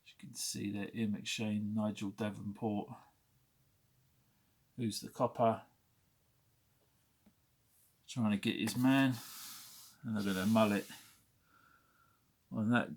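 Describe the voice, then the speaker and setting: With a fairly low, breathy voice and level tone, a British collector in his forties talks slowly about his film memorabilia, leaving long pauses. The conversation is casual, and he rambles wryly, frequently correcting himself.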